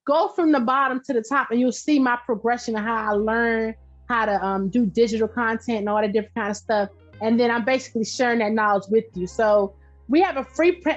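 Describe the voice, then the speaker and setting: A middle-aged woman, a podcast guest and entrepreneur, talking in a loud, direct, animated way and telling stories with laughs. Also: fairly high pitch. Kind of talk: casual interview chat. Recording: dull lo-fi sound.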